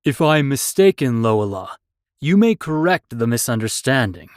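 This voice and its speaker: Stern old soldier guy training a kid, formal and firm, loud and dry as a man reads him out. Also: mid-range voice, very animated, moderate pace, no echo, natural voice. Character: stern older male warrior mentor, large and limping.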